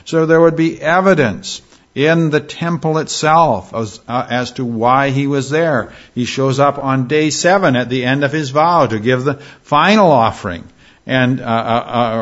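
A man teaching a Bible class verse by verse, talking it through in a loose, conversational way. He keeps pausing on fillers and checking in with his listeners. His voice sits at an ordinary middle pitch, and the recording is a little dull and lo-fi. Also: fairly bright tone. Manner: conversational, frequent "all right?" check-ins and filler pauses.

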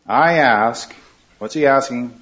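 A man's voice: medium pitch, slow, a bit bright. A man leading a Bible study class, asking questions and repeating the students' answers. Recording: slightly dull recording.

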